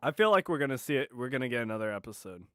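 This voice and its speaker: A tired man with a mid-range, sing-song voice talks rapid-fire while live streaming late at night, chatting and swearing casually. He sounds profane, exasperated and rambling. The recording is dry and of studio quality.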